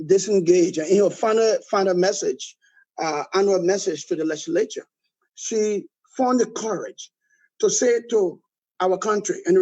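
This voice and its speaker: A man's voice: high voice, a little mellow, muffled recording. A man with a Liberian accent, a political guest giving emphatic critical commentary and often adding "all right?".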